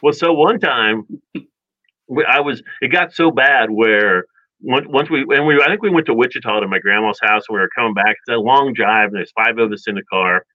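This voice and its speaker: A man casually telling childhood stories in a rambling, animated way, with many restarts and chuckles. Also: mid-range voice, a little fast, dry recording. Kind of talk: casual storytelling chat. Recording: dull dry lo-fi sound.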